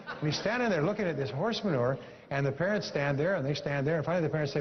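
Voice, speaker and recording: A man's voice: fairly high pitch, animated, rapid-fire. A man speaking as a motivational speaker at a seminar, telling a story with emphatic repetition. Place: seminar hall. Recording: dull lo-fi recording in a reverberant hall.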